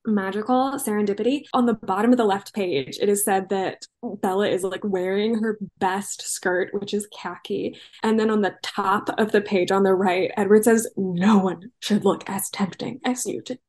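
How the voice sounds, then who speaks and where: A woman hosts a casual podcast chat and talks with a wry, easygoing manner. Her pitch sits in a middle range for a woman. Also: fairly even intonation, normal speed, few pauses, a little mellow. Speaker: podcast host.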